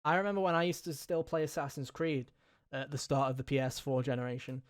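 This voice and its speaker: A man's voice: mid-range voice, little pitch movement, fast, clean tone. A man co-hosting a gaming podcast in casual chat, rambling and jokey, with a lot of swearing. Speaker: podcast co-host.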